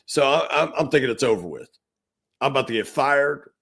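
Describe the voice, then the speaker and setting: A middle-aged man co-hosting a podcast, telling an animated story and acting out the quotes. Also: medium pitch, brisk, creaky, husky. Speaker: podcast co-host. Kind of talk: storytelling in casual podcast talk.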